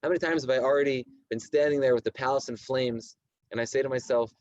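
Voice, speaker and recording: A man in his thirties, a rabbi giving a Torah lecture to his community, reading Hebrew texts slowly and explaining them in animated, repetitive English. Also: mid-range voice, no echo, highs cut off. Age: 30s. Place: community study hall at night.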